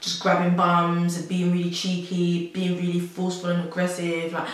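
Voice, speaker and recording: Speaking at a moderate pace in a low-leaning monotone, a young vlogger from South London tells a personal story to camera. She rambles chattily with plenty of "like" and nervous laughs. The camera mic catches a very echoey room.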